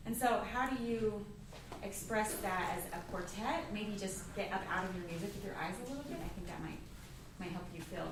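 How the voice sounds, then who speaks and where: A woman's voice: medium pitch, noisy background. Hesitant woman coaching musicians, echoey. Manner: hesitant, thinking aloud. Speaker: masterclass teacher. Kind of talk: coaching a string quartet. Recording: echoey hall from far off.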